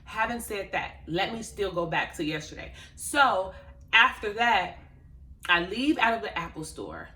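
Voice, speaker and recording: A woman's voice: medium pitch, sing-song, unhurried, sharp tone, reverberant. A woman vlogging, casually telling a story to camera with laughs and quoted asides. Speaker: life coach and vlogger.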